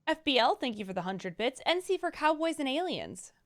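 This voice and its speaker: A woman co-hosting a live stream, reading out viewer donations and comments in a brisk, upbeat way. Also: high-pitched, big pitch swings. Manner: brisk, upbeat, stumbles over hard names.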